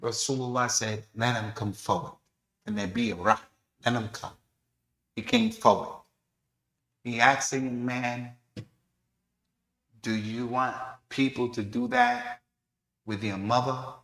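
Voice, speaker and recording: A man's voice: mid-range voice, steady tone, slow, long pauses, a bit bright. A man teaching a mosque lesson in sermon style, telling a story with animation and acting out the voices of the people in it. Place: mosque prayer hall. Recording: echoey mosque hall.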